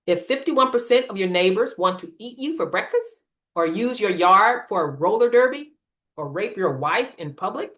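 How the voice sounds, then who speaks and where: A woman presenting a scripted political lecture in a measured, emphatic reading style. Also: mid-range voice, animated, a bit bright. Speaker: series presenter.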